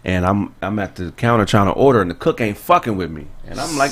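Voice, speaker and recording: A man hosting a comedy podcast, telling casual anecdotes in relaxed chat. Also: lowish voice, fast talker. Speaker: podcast host.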